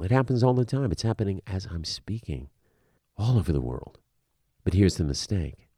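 A middle-aged man lecturing as an acting coach. He is emphatic and animated, and he often repeats a word as he starts a phrase. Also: fairly low pitch, dry recording, studio quality. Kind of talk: spoken lecture to the viewer.

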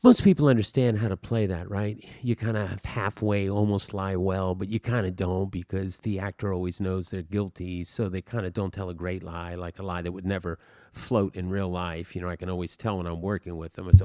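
A man's voice: low-pitched, normal speed, warm tone, no room sound, clean studio sound. A man teaching acting in a casual spoken lesson, rambling with many fillers and restarts as he walks through a film scene.

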